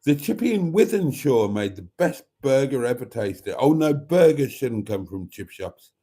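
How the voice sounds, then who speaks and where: A man's voice: mid-range voice, big pitch swings, normal speed, warm tone, breathy edge. A middle-aged man, chatting camply as he hosts a late-night live stream and reads out viewer comments.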